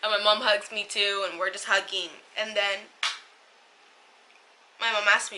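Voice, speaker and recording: Bright-voiced young woman vlogger. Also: mid-range voice, little pitch movement, a little hiss or hum, poor audio. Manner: emotional, tearful retelling, halting. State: crying at times. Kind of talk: casual storytime.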